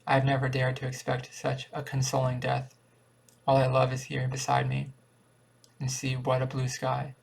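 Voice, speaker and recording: Casting: man reading a serene, devout old uncle on his deathbed, quiet and gravelly. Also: medium pitch, level tone, moderate pace. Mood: tender. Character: dying gentle old uncle, calm, devout.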